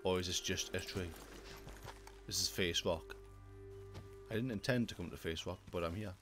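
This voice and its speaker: Brief: young male streamer, fairly low voice, excitable and jokey, game music under him. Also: normal speed. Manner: excitable, jokey, easily startled. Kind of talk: gaming livestream commentary.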